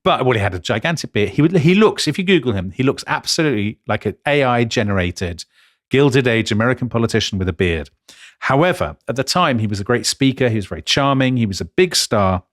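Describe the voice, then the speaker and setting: A man co-hosting a history podcast, telling the story with emphatic, animated delivery. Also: brisk, no room sound, studio quality. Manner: animated, emphatic, jumps in pitch for stress. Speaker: podcast co-host.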